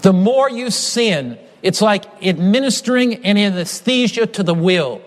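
High-voiced preacher in a reverberant hall. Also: male voice, lively intonation. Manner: emphatic, repetitive phrasing, slows down on key lines. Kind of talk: sermon.

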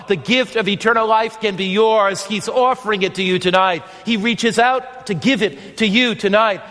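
A man's voice: high-pitched, fairly bright tone, in a large hall. A man preaching an evangelistic sermon as pastor, earnest and pleading, acting out the voices in his stories.

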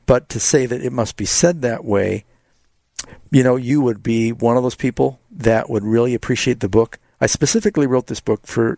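A man, a pastor hosting a call-in radio show, answering Bible questions and gently correcting callers. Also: medium pitch, creaky, no echo. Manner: explains steadily, gently correcting.

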